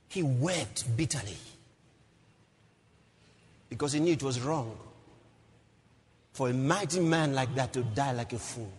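A man preaching a sermon as pastor, swinging from low murmurs to shouts and repeating phrases for emphasis. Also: lively intonation, unhurried, pauses often, husky. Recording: long hall reverb, faint noise.

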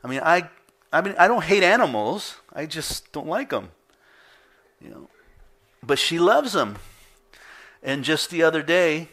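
Middle-aged man, pastor, sermon delivery, lively storytelling, bright tone. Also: on the high side. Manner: animated storytelling, acting out his own reactions with laughs. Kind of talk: sermon with personal stories. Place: church.

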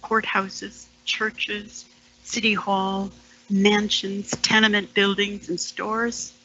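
Slow, sardonic woman poet. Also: mid-range voice, little pitch movement, dull audio, a little hiss or hum. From Canada, Ontario. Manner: sardonic, with hushed whispered asides. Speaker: storyteller and poet. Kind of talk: dramatic poetry performance.

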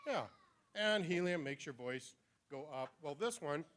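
A man's voice: on the high side, lively intonation, unhurried, background noise. A man emceeing an awards ceremony in a large ballroom, talking playfully and directly to a crowd of kids. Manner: playful, talks straight to a young crowd.

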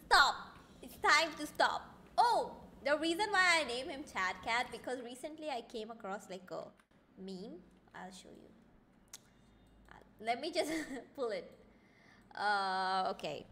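A young woman streaming a game, chatting excitably and reading lines aloud. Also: a little high, unhurried. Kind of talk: live game commentary.

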